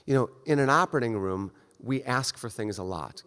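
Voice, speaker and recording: A male surgeon lecturing to a conference audience in a direct, conversational manner, his mid-pitched voice trailing a long reverb through the lecture hall. He talks his listeners through the steps as if they stood with him in the room. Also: animated, moderate pace, fairly bright tone. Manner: conversational, direct, acts out brief exchanges.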